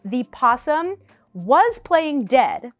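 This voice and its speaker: A woman in her twenties, a vlogger in her apartment, telling animated, casual storytime chat and laughing often. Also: high voice, drawn-out words, no room sound.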